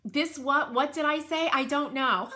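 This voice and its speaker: Speaking unhurriedly in a high voice, a New England woman in middle age runs a show-and-tell livestream about furniture painting. She's excitable and gushing, frequently laughing as she goes through comments from viewers.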